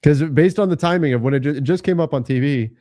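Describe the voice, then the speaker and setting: A man's voice: on the high side, quick pace, dark tone, no echo, studio quality. A man co-hosting a live basketball draft show, chatting casually and laughing often. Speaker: podcast co-host.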